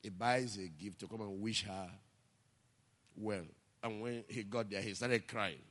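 A male pastor preaching a sermon, telling stories and building to impassioned shouts. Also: lowish voice, fairly even intonation, unhurried, big-room sound.

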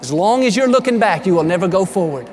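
A man's voice: high-pitched, expressive, fast talker, slight background noise. A man preaching a sermon in an upbeat, emphatic way, mixing encouragement with folksy stories. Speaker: pastor.

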